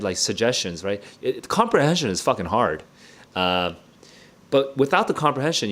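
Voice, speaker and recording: A man hosting a book club livestream, reacting out loud as he reads. He talks casually, full of fillers, restarts and the odd swear word. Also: lowish voice. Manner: thinks aloud, casual and digressive, with frequent fillers and restarts.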